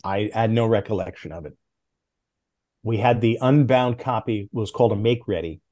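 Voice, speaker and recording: A middle-aged man, a former comics editor, telling stories as a podcast guest in a lively, casual way, with big swings in pitch. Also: normal speed. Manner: animated anecdotes, with big jumps in pitch.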